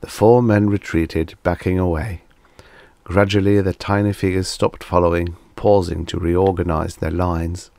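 A man narrating an audiobook in a steady, even reading voice. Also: low-pitched, a little slow, gravelly, dry recording.

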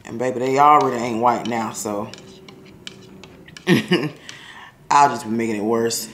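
A woman vlogging casually from her kitchen at home, her voice hoarse and raspy from a sore throat, chatting straight to her viewers and laughing often. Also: rumbling low, slow pace, fairly bright tone, a little hiss or hum. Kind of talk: casual vlog chat.

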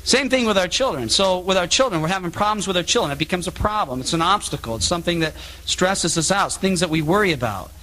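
A man giving a public Bible talk as a traveling speaker, telling anecdotes in an animated way and acting out the voices of the people in his stories. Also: high-pitched, quick pace, few pauses, slight background noise, poor audio. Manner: animated storytelling, acts out quoted voices.

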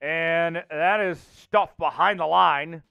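A man hosting a livestream and calling the plays of a simulated football game, reading names from the chat and getting loud on big plays. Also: on the high side, slow pace, vocal fry, clean tone, lo-fi sound, faint music behind. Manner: excitable, shouts out chat names and hypes touchdowns. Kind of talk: live play-by-play commentary.

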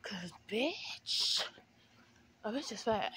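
Out of breath on a walk outside, a teen girl chats casually with her vlog viewers, addressing them as y'all and cursing freely as she rambles. Her mid-range voice is expressive and measured in pace, against a noisy background.

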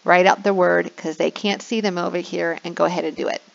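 Woman, teacher tutorial, chatty, slightly gravelly voice, somewhat dull lo-fi sound. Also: fairly low pitch, brisk. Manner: chatty, demonstrating her lively classroom voice. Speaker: online English teacher. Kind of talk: tutorial walkthrough.

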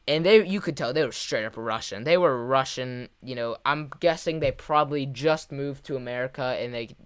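A young man casually telling a story to his video audience, rambling and excitable, with lots of fillers and laughter. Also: fairly high pitch, a little fast, hardly any pauses, clean tone. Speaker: gaming vlogger.

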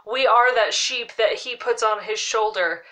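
A woman's voice: on the high side, a little slow, sharp tone. A woman hosting a casual devotional Bible talk to camera, earnest and heartfelt, with lots of "like" as she goes. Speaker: Bible teacher, show host.

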